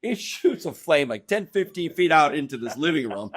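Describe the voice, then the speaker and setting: A man's voice: a little high, a little slow, dry recording, studio quality. Middle-aged man telling funny stories. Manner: animated anecdotes with frequent laughter. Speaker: guest real estate agent. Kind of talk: casual podcast storytelling. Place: indoor podcast room.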